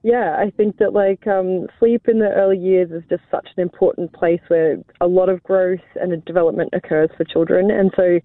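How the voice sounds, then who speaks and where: A woman's voice: on the low side, steady tone, normal speed, few pauses, dry recording. A woman researcher talking on a phone interview, chatty with frequent ums and small laughs. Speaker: sleep researcher guest. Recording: tinny phone line, dry.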